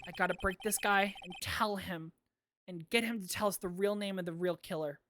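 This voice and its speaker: A woman's voice: medium pitch, fairly quick, a bit bright, a little hiss or hum. A woman streaming a game, rambling through her commentary with casual swearing and frequent laughs. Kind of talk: gameplay commentary. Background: faint lo-fi music.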